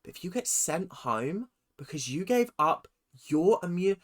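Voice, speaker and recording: A man doing casual reaction commentary, excitable and quick to swear as he talks back at the screen. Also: sits high. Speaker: reaction channel host.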